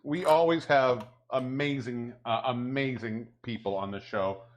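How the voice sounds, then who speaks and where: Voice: medium pitch, measured pace. A co-host of a casual cooking and drinks show, teasing a partner and laughing often.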